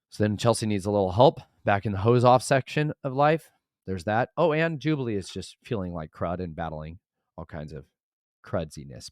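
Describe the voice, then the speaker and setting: Exasperated tired dad, low voice. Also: male voice, dry recording, studio quality. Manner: exasperated storytelling, swinging between loud outbursts and muttered whispers. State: tired after a sleepless night. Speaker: father of a large family. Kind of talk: casual vlog monologue.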